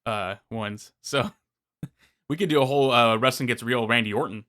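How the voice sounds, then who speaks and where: A man in casual podcast chat, his voice bright and forceful at a middle pitch. He talks in a laid-back, amused way among friends. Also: moderate pace, no echo. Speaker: podcast co-host.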